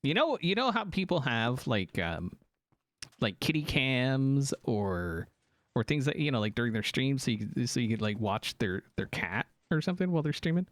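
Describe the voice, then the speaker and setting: A man's voice: mid-range voice, normal speed, no echo. A man chatting casually on a live stream, joking around and reacting to viewers' comments. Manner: animated, joking, reacting to chat.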